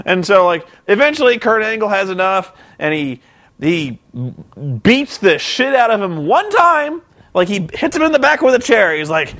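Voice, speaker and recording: A man's voice: sits high, big pitch swings, moderate pace, fairly bright tone. A young man recapping a show in a rambling, incredulous, sarcastic way. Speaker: vlogger.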